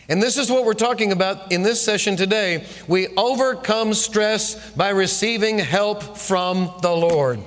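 A man preaching a sermon as pastor, telling a story with lively delivery and repeating phrases for emphasis. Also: high voice, moderate pace, hardly any pauses. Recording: long reverb of a large room.

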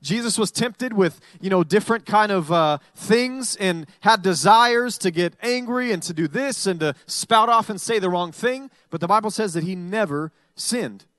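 A man's voice: high-pitched, animated, moderate pace, hardly any pauses, a bit bright, dry recording, clean studio sound. A male pastor preaching a conversational sermon, often acting out what his listeners might say.

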